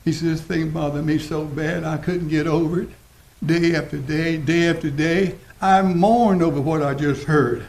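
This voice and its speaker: A man preaching a sermon as pastor, folksy and repetitive, slowing down to stress his points. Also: fairly high pitch, fairly even intonation, vocal fry, a little mellow. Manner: folksy preaching, repeats phrases, slows for emphasis. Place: church sanctuary. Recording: roomy church echo.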